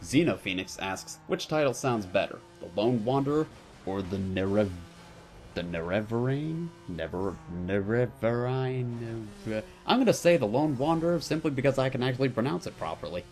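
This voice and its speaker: A man's voice: mid-range voice, lively intonation, brisk, a little mellow. A young man answering viewer questions at home in a casual, playful, wry way. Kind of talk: casual Q&A monologue.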